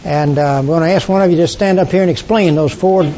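An older man teaching a Bible study class, halting with frequent fillers and throat clearing. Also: mellow. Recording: dull lo-fi recording with faint rumble.

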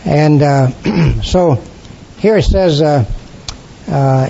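An older man teaching a Bible study class, halting with frequent fillers and throat clearing. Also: mellow. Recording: dull lo-fi recording with faint rumble.

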